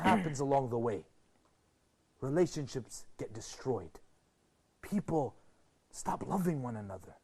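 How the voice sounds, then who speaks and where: A man presenting a TV program, giving an expressive motivational lecture to a group and asking rhetorical questions. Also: creaky, husky. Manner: expressive, rhetorical questions, sweeping pitch swings.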